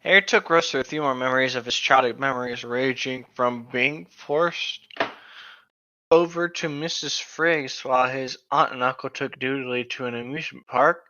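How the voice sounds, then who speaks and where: Tipsy bright-voiced comedic reader. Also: medium pitch, fairly even intonation, moderate pace, dull audio. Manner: crude, rambling, lots of filler. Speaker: podcast co-host reading aloud. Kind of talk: comedic fanfic reading with banter.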